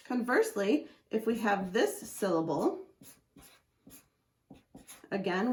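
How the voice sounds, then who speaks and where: A woman's voice: mid-range voice, a little mellow. Patient woman teaching phonics, echoey room. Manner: patient, slowly sounds out letters and syllables. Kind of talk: phonics lesson explaining a chart.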